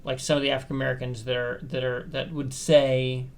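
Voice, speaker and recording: Gravelly, hesitant male podcast co-host. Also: mid-range voice, flat delivery, fairly quick. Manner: careful, hedging, repeats words while thinking. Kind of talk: casual conversation.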